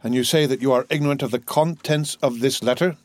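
A man voicing a stern male magistrate, speaking in a measured, stiff and formal way. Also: mid-range voice, fairly even intonation, no echo, natural voice. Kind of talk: audiobook character voice.

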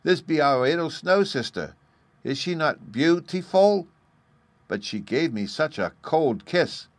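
Storybook little boy, loud and stubborn, voice pushed way up, put on by a male reader. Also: a little high, lively intonation, measured pace, dry recording, voice pushed up. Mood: insistent. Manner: shouting, insistent.

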